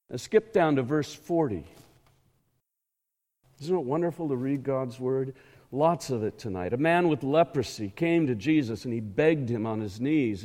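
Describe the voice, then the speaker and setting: A man preaching a sermon in a church, emphatic and measured, asking the congregation rhetorical questions. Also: medium pitch, very animated, mellow. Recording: echoey hall.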